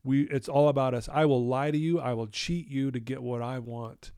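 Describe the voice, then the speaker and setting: A man's voice: medium pitch, steady tone, moderate pace, mellow, clear, resonant tone, no echo, clean studio sound. A man, a recovery counselor, telling a personal story candidly and with feeling, in his office. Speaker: addiction recovery counselor, guest.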